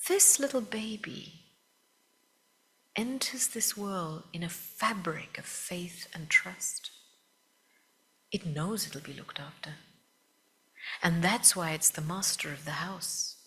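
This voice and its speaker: A woman teaching spiritual meditation to a live audience, talking gently, asking listeners questions and often dropping to a soft whisper. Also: fairly low pitch, animated, slow pace, pauses often.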